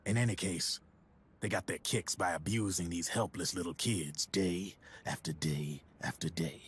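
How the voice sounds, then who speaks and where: A man voicing a laid-back male arms dealer in a game, speaking in a wry, relaxed way. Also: sits low, normal speed, breathy edge. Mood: grim. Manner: relaxed, wry, sometimes hushed.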